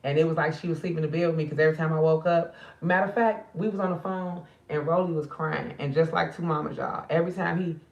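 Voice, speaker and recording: Tired woman on a late night phone vlog, gravelly voice, dull muffled sound. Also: low voice, sing-song, fast, hardly any pauses, a little mellow, echoey room, far from the mic. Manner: tired, emotional, talks straight to viewers as sisters. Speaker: spiritual card reader and channel host.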